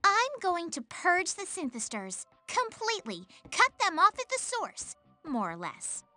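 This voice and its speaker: A woman voicing a cool, scheming young idol in a video game, who talks in a teasing, condescending, measured way. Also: extremely high pitch, huge pitch swings, sharp tone, no echo, soft background music, exaggerated voice. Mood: coolly taunting.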